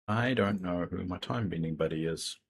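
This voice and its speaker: A man's voice: low voice, normal speed, creaky, crowd noise. A man chatting casually and frankly while streaming a game, rambling from thought to thought. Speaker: livestreamer. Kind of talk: casual gameplay chat.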